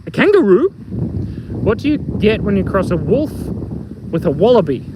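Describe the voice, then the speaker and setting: Over a noisy background, a middle-aged Australian man talks at normal speed in a high, sing-song voice. He's outdoors in the bush, recording a casual live stream on his phone, rambling playfully, joking and reading chat messages aloud.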